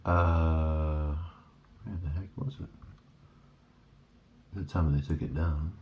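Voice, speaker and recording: Brief: low, dark-toned man, slow rambling talk, dull lo-fi recording. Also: fairly even intonation, slight background noise. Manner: rambling, wandering wordplay, trailing off. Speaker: vlogger. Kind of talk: rambling monologue.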